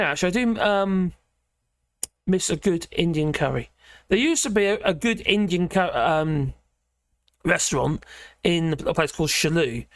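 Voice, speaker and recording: Lively high-voiced man chatting. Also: no room sound, clean studio sound. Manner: rambling, chatty, opinionated. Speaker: livestream host. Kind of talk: casual livestream chat reading viewer comments.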